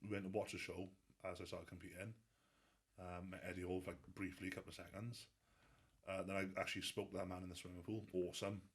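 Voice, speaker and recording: A Welsh strongman athlete, a guest in a casual interview, tells stories in a low, husky voice with a level tone. He talks fast, laughing and swearing freely.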